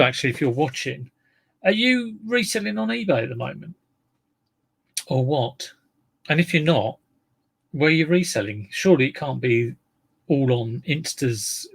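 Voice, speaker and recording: Gravelly-voiced man chatting live. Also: a little high. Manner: unhurried and chatty, talks straight to the viewers. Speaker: reseller streaming live to viewers. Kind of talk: rambling live-stream chat.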